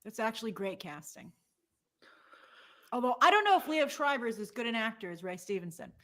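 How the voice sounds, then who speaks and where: A woman's voice: fairly high pitch, sing-song, fairly quick, fairly bright tone. A middle-aged woman co-hosting a movie news show in casual chat, opinionated and reading out viewer comments and polls.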